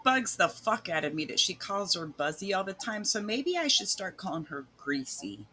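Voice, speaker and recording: A woman's voice: medium pitch, very animated, normal speed, pushed and bright, slightly rough. A woman co-hosting a casual commentary chat, blunt, scornful and profane.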